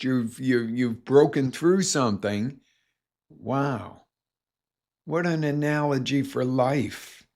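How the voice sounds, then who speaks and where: A man's voice: mid-range voice, darkish tone. A man, a life coach, giving a motivational talk and acting out scenes in quoted voices.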